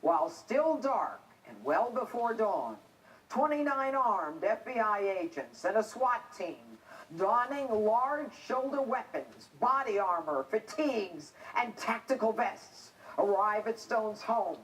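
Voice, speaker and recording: A woman's voice: a little high, big pitch swings, takes it slowly, distant mic, rough recording. A middle-aged woman, a TV host and former police officer, delivering a scripted opinion monologue in a combative, indignant, emphatic way.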